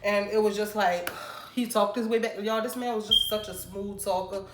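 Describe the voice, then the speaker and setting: A young woman vlogger telling a casual storytime, animated and chatty, talking straight to her viewers. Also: medium pitch, normal speed. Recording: roomy room with faint background noise.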